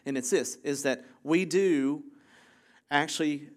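A man's voice: fairly high pitch, a little slow. A man preaching a casual, conversational sermon, chatty and full of jokey asides, who keeps checking in with the congregation by asking "right?". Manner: self-interrupting, jokey asides. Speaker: pastor.

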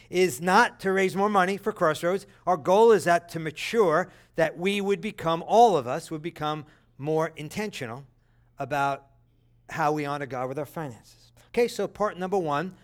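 A middle-aged man preaching a sermon, telling stories with lively, animated delivery and loud acted-out bursts. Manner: animated storytelling, acts out voices with loud high bursts. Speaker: pastor.

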